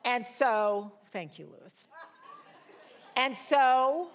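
Middle-aged woman, Bible study teacher, fast animated testimony, voice jumps high when reliving the emotional moments. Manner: fast-talking. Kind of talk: personal testimony sermon.

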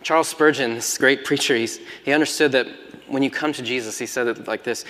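A man's voice: medium pitch, a little fast. Dynamic preacher man in a reverberant hall. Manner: dynamic, swings from loud emphatic preaching to hushed near-whispers. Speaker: pastor. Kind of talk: sermon.

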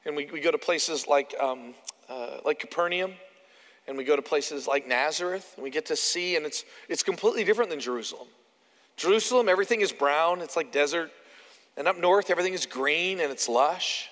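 A Canadian-accented man preaching with a fairly high voice in an animated, conversational way. He slips into acting out the quotes he tells. His voice trails off into a long hall reverb. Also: fairly quick. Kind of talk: sermon.

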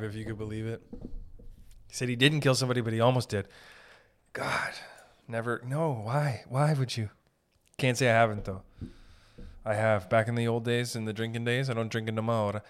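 Rambling, profane young podcast host. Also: male voice, mid-range voice, normal speed, long pauses. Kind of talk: casual comedic monologue.

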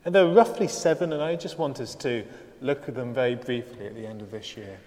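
Male preacher, sermon delivery, dry humour, emphatic build-ups, mid-pitched, long hall reverb. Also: a little fast, darkish tone. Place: church service.

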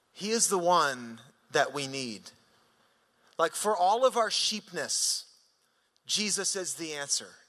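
A male pastor preaching a sermon in an animated, conversational way, swinging from sudden rises to quiet drops. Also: fairly high pitch, in a large hall.

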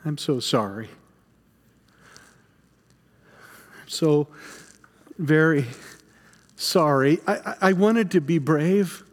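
A man's voice: high voice, expressive, big-room sound. A man playing a stammering, frightened Peter. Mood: ashamed. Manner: halting, stammering with repeated words. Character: frightened, guilt-stricken apostle Peter, grown man. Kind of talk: dramatic first-person monologue.

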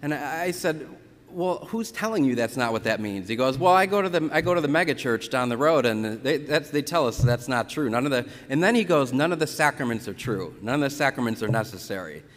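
A Catholic priest giving a conversational sermon, telling stories from the pulpit with lively retellings. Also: male voice, medium pitch, a little fast. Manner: conversational storytelling, animated retellings. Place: church. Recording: church reverb.

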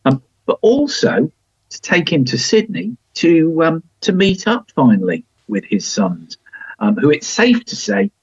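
A man's voice: a little high, very animated, measured pace, creaky, breathy edge, dry recording. A man hosting a casual review podcast, chatty and wry, with plenty of ums and restarts. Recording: dry, slightly dull home recording.

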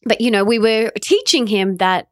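A woman's voice: on the high side, expressive, moderate pace, no room sound. A woman hosting a podcast, talking earnestly and encouraging listeners, sharing stories in a conversational way. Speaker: podcast host.

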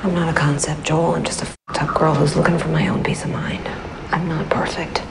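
An actress playing a candid, impulsive young woman speaking softly in a film scene. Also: sits low, little pitch movement, brisk, gravelly, whispered. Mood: tender. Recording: film clip with loud ambience.

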